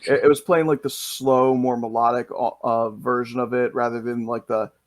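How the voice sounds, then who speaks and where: A man's voice: mid-range voice, little pitch movement, normal speed, no room sound. A man hosting a podcast interview, telling stories with enthusiasm and animation. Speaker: podcast host. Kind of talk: casual interview talk.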